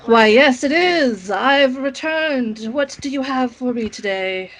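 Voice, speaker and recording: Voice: high voice, animated, slow pace, fairly bright tone, heavily acted, poor audio. A player voicing a smug, evasive smuggler who brushes off questions.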